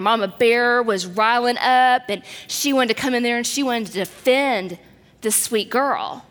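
A woman's voice: fairly high pitch, a bit bright, in a large hall. A woman giving a sermon, telling a personal story in an earnest way and dropping to near-whispers at tender moments.

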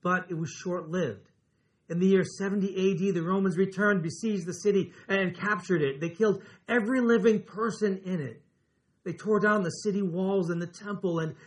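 High-voiced man preaching a sermon. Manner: earnest, slows and drops his voice on key words. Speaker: pastor.

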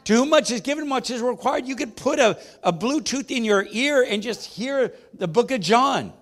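High-voiced emphatic preaching man. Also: lively intonation, normal speed, a bit bright. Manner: emphatic call-and-response preaching with the congregation. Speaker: pastor. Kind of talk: sermon.

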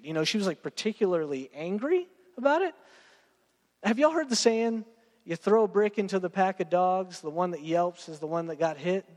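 A man's voice: sits high, expressive, brisk, long reverb tail. A young man, preaching a sermon in a casual, joking way and talking straight to his congregation. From Texas. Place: church sanctuary.

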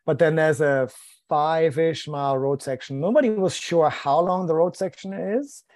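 A man with a fairly high voice, speaking at normal speed in a recording with no room sound, is a podcast guest telling a story in casual chat. He's lively, acting out quoted lines with self-deprecating humor.

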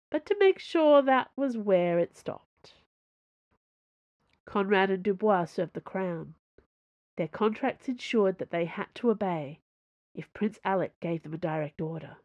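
A woman's voice: medium pitch, darkish tone, dry recording. Woman reading romance audiobook. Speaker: audiobook narrator. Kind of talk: scripted narration.

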